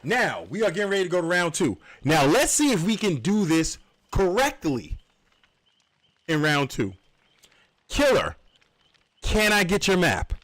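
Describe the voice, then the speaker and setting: A man's voice: sits high, wildly swooping pitch, unhurried, pauses often, fairly bright tone. A man hosting a livestreamed game tournament, explaining the rules with joking asides. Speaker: tournament host and caster.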